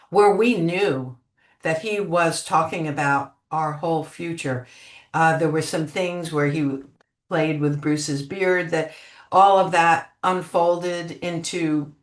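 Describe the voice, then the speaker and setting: An older woman telling spiritual memories as an interview guest, gentle and unhurried, trailing off with many fillers. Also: on the low side. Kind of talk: reflective spiritual storytelling. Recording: echoey room.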